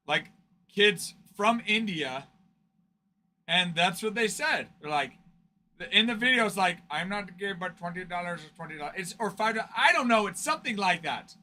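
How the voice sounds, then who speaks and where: A man's voice: high voice, lively intonation, moderate pace, pushed and bright. A man hosting a card break stream, chatting casually with viewers, joking and laughing often. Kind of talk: casual livestream chat with viewers.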